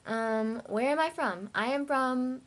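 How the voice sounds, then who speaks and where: A woman's voice: sits high, takes it slowly. A young woman from China, talking casually and reading out a word list for her vlog, hesitant with many fillers.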